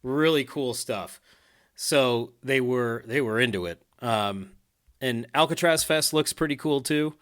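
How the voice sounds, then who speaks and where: A man's voice: mid-range voice, a little slow, a bit bright. A man hosting a casual podcast chat, talking loosely with fillers, restarts and easy laughs. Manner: chatty, laughs easily, many fillers and restarts. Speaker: podcast host.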